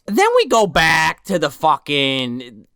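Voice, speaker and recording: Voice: medium pitch, very animated, takes it slowly, creaky, bright, forceful tone, smooth, no echo. A podcast co-host chatting casually about a movie, joking and sarcastic, with some swearing. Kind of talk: casual movie recap chat.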